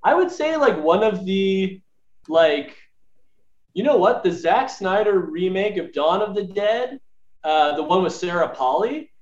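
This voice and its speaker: A man's voice: sits high, animated, measured pace. A man co-hosting a podcast in casual chat, thinking aloud as he answers. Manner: musing, thinks aloud with fillers. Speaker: podcast co-host. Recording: roomy, dull lo-fi remote audio.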